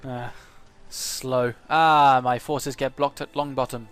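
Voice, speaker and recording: A man with a medium-pitched, everyday voice talks through his strategy game in casual let's play commentary. He thinks aloud, pausing often and filling the gaps with "uh" and "um". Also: fairly even intonation, a bit bright, clear, resonant tone, faint music behind. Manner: thinks aloud, hesitant, many fillers.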